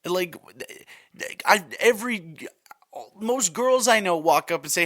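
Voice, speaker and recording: A fired-up young man hosting a solo podcast, rambling and exasperated. His voice is bright and forceful and sits a little high. The sound is dry and close. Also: big pitch swings, unhurried, no room sound. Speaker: podcast host.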